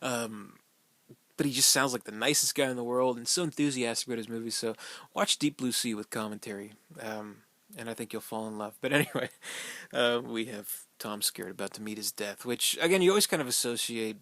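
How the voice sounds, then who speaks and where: A man talking through a film in a loose fan commentary, rambling and a little profane, with plenty of fillers and stray chuckles. His voice sits at an ordinary middle pitch. The sound is close and dry, with no room around it. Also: a little fast, a bit bright, dry recording.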